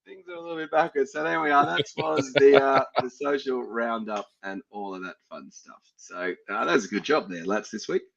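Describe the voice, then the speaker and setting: A man's voice: medium pitch, normal speed, creaky, few pauses, fairly bright tone. An Australian man hosting a sports podcast, chatting casually and laughing at his own fumbles. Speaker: podcast host. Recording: dull lo-fi sound.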